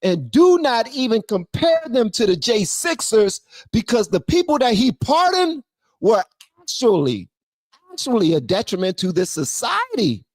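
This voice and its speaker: A streamer reacting to a clip in casual, slangy commentary, excitable and often cutting in. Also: medium pitch, a little slow, no room sound, clean studio sound.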